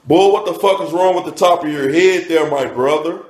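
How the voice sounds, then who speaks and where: A man delivering a rapid-fire comedic roast, with profane, rhythmic insults and a punchline he keeps repeating. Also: on the high side, darkish tone, echoey room.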